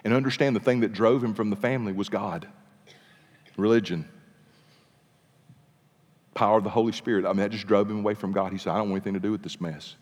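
A man preaching, telling a story with animated, dramatic pacing in a sermon. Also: fairly low pitch, quick pace, pauses often. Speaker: pastor. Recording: long reverb of a large hall.

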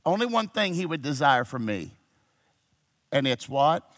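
A man preaching a sermon to a church congregation, swinging between shouted exhortation and low, intimate teaching. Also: sing-song, a little slow.

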